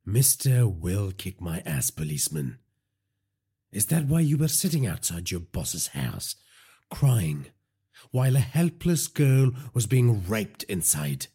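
A man's voice: on the low side, sing-song, slow pace, warm tone, husky, full character voice. A man voicing a cold, commanding vigilante. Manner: commanding, emotionless, terse. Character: cold, vengeful male vigilante father. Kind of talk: audiobook character voice.

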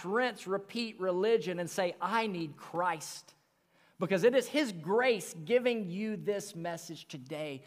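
High-voiced guy preaching a slow sunday sermon in a church, big hall echo, gets loud then drops to a whisper. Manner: earnest preaching, rises and drops to near whisper. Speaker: pastor. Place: church sanctuary.

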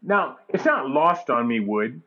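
A man telling a long story in casual chat, profane and animated, acting out the people in it. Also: medium pitch, unhurried, dull audio.

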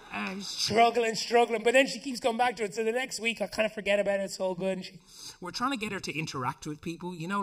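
A man preaching in a lively, comic storytelling style, and his voice sits a touch higher than most. He swings between jokes and earnest points as he speaks to a congregation. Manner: animated, humorous storytelling. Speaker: pastor. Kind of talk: sermon. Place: church in front of a congregation.

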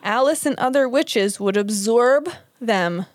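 A woman's voice: a little high, slow pace, no echo. Tired woman podcast host, chatty and laughy, swears a lot, dry close mic. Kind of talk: casual chat.

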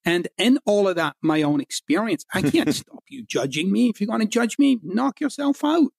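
A man's voice: high voice, animated, normal speed, gravelly, a little mellow, breathy edge, no echo, studio quality. A middle-aged Scottish man, a guest author in a podcast interview, speaking bluntly and emphatically. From Scotland. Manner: blunt, emphatic, swears for punch.

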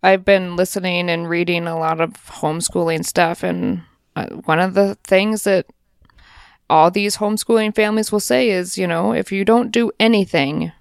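Brief: woman podcast co-host, smooth clean voice, dry sound, chatty and upbeat. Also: lowish voice, normal speed, dry recording. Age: adult parent. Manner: chatty, enthusiastic, lots of fillers. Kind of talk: casual chat.

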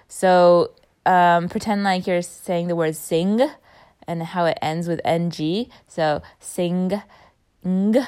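A woman's voice: lowish voice, a little mellow. A young woman casually recounting a voice workshop, rambling with many fillers and unfinished phrases.

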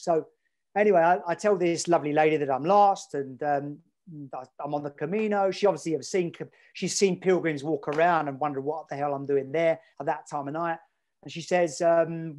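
A man's voice: fairly high pitch, a little fast, a little mellow. An English man, a podcast guest, telling a story in a rambling, chatty way with lots of fillers. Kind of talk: casual storytelling.

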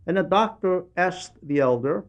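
A man reads aloud a translated radio talk, telling a story earnestly. His voice sits a little high for a man. He turns to address the listener directly at points. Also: animated, normal speed.

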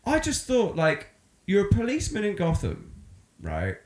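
A man co-hosting a podcast, rambling in casual chat and slipping into loud impressions. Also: high-pitched, moderate pace, reverberant. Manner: rambling, animated, breaks into shouted impressions. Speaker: podcast co-host.

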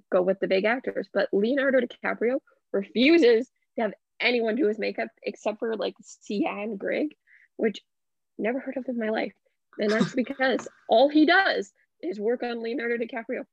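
A woman's voice: fairly high pitch, normal speed, creaky, no echo, highs cut off. A young woman co-hosting a casual movie podcast, rambling with lots of "like". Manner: rambling, heavy use of "like".

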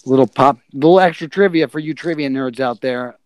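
A man hosting a trivia podcast, reading questions slowly with halting pauses and frequent laughs. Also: mid-range voice, smooth, no echo. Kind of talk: casual podcast quiz hosting.

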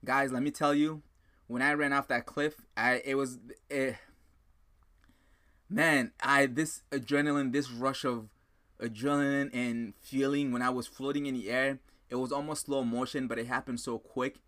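Male podcast host, excitable motivational storyteller with a bright, tense edge to his voice. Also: mid-range voice, moderate pace. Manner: animated, excitable, repeats himself, addresses listeners as guys.

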